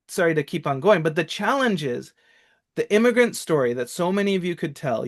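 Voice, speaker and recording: Rambling, higher-voiced man on a webinar. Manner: rambling, self-interrupting. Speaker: college counselor. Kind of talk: live webinar talk.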